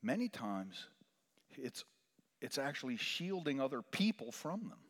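A man's voice: medium pitch, big pitch swings, a little slow. Man preaching in a reverberant hall. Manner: swings from loud emphatic rises to hushed near-whispers. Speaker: chaplain. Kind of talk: sermon. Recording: long reverb of a large hall.

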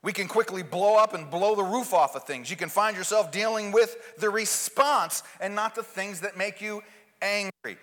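Male pastor, sermon, high voice, bright, long church-hall reverb, swings from loud to soft. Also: moderate pace. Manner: preaching with dramatic swings between loud outbursts and soft asides.

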